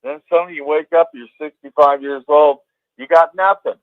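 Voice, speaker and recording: A man's voice: on the high side, steady tone, moderate pace, dry recording. A male caller ranting in an emphatic, heated way and swearing now and then. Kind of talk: call-in ranting. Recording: tinny phone line.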